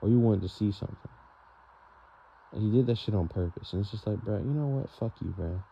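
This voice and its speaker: A man's voice: lowish voice, brisk, gravelly, warm tone, breathy edge. A young man venting in a rambling, frustrated vlog monologue, full of fillers and "bro". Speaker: vlogger. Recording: dull lo-fi sound with faint noise.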